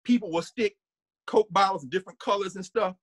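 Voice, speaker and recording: A man giving an animated, conversational lecture as a guest. He often restarts his sentences and hums or sings short snippets to make his points. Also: sits high, brisk, no echo.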